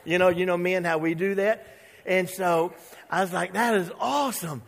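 A man's voice: high voice, moderate pace, gravelly. A man preaching a sermon as pastor, telling a story and acting out the voices of the people in it. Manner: animated, acts out quoted voices. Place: church sanctuary. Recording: long church hall reverb.

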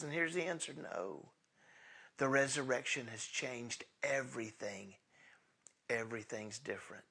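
A man preaching a sermon in a casual, conversational way, swinging between loud bursts and hushed asides as he tells the story. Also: mid-range voice, unhurried, creaky, breathy edge. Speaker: pastor.

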